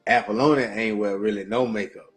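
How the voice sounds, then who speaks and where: A man's voice: lowish voice, fairly even intonation, brisk. Man, podcast co-host, casual slangy chat, repeats words, faint music behind. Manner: laid-back, slangy, repeats himself.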